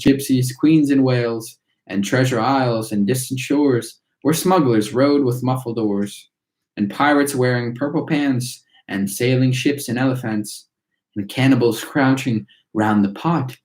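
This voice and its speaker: A man reading a chorus of tiny singing factory workers, reciting their verse in a steady rhythm. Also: mid-range voice, unhurried, lightly acted. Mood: preachy. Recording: roomy echo.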